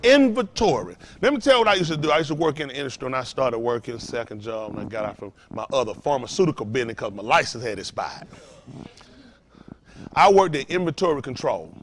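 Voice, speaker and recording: Male pastor, high voice, preaching, call-and-response, rhetorical questions, loud-soft swings. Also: a little hiss or hum.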